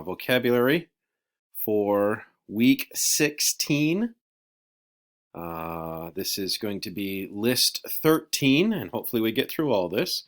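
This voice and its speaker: Male teacher, low voice with lively pitch, teasing offhand vocabulary lesson. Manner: joking, teasing, loose and offhand.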